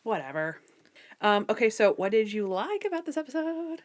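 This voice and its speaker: A woman hosting a podcast, chatting casually and acting out scenes with lively quoted voices. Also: mid-range voice, moderate pace. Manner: animated, acts out scenes in character voices. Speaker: podcast host. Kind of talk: casual chat.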